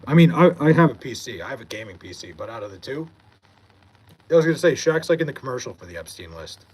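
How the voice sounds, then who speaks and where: A man's voice: medium pitch, sing-song, fast, breathy edge, low-quality recording. A young man from Long Island, New York, streaming live and casually reading and answering chat messages, laid-back and swearing freely.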